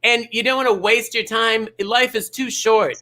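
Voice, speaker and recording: Flamboyant guy hosting online bingo, high bright voice, gushes and teases. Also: fairly even intonation, moderate pace. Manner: campy, gushing, teasing. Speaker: host. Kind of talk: upbeat bingo livestream chat.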